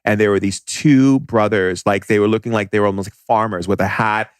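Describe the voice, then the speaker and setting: Animated man telling stories bluntly. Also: fairly low pitch, no room sound, clean studio sound. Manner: animated, blunt, fast bursts with restarts. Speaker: podcast guest, shaman. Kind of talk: casual storytelling.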